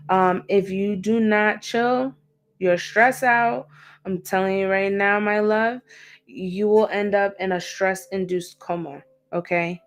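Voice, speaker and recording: A woman reads tarot on a livestream in a blunt, slangy voice. She speaks slowly and repeats key lines to drive them home, at a mid pitch. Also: steady tone, smooth. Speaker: tarot reader hosting a livestream.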